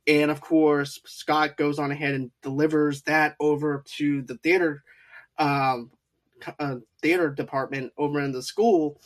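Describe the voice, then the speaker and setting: Higher-voiced man chatting about a movie. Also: fairly even intonation, a little slow. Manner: rambling, acts out quotes from scenes. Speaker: podcast co-host. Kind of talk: casual movie discussion.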